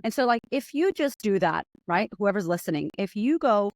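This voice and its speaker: Woman guest, fast and lively talker who voices her own thoughts aloud; dry, close sound. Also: mid-range voice, no room sound. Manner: fast, impatient, acts out her inner voice. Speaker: podcast guest. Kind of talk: animated conversational storytelling.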